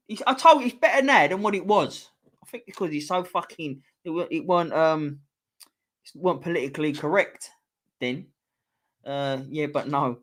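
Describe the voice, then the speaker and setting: A man's voice: on the high side, normal speed, fairly bright tone. A man with a London accent, hosting a casual live-stream quiz, chatty and teasing, swearing freely. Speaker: host reading a quiz to a live chat.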